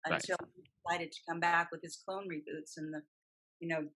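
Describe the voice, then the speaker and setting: A middle-aged woman, a guest voice actress and coach, chats on a casual podcast in a lowish voice at a slightly quick pace. She's animated and emphatic and talks at length, though the audio quality is poor.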